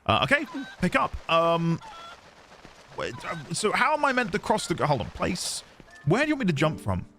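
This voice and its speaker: A man's voice: sits high, huge pitch swings, moderate pace, pushed and bright. A man chatting casually on a live game stream, rambling and self-deprecating.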